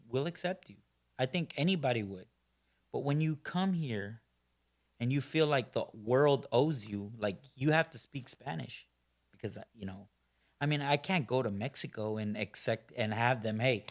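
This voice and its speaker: Middle-aged american guy on a podcast, blunt and opinionated, rambles with lots of um and you know, mid-pitched voice. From United States. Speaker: podcast guest. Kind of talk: casual interview talk.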